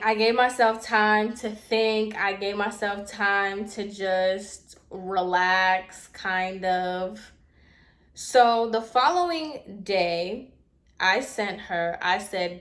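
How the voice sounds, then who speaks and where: A young woman vlogger recounting a story in casual conversation, animated and heated as she quotes the back-and-forth. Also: medium pitch, slow pace.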